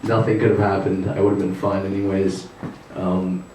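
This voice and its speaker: A man's voice: deep voice, flat delivery, darkish tone. A male stand-up comedian talks at a house party, stumbling through his jokes with plenty of "um"s and restarts. He sounds far from the mic, and the room rings with strong echo. A faint hum of noise sits underneath. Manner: rambling, halting delivery with many fillers. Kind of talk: stand-up set.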